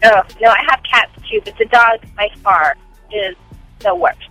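A woman's voice: fairly high pitch, sing-song, moderate pace, pushed and bright, soft background music, rough recording. A woman calling in to a radio morning show, amused and chatty. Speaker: radio caller. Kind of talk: casual chat.

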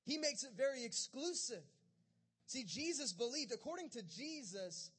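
High-voiced man preaching casually. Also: expressive, moderate pace, fairly bright tone, slightly rough. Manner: conversational, acts out disciples' lines in a casual voice. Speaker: pastor. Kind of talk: casual sermon retelling scripture.

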